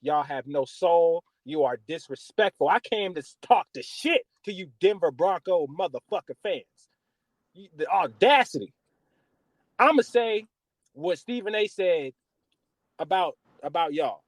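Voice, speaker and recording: A West Coast American man hosts a casual sports podcast, delivering an animated football rant packed with swearing. His voice is on the high side and unhurried, in a dry recording.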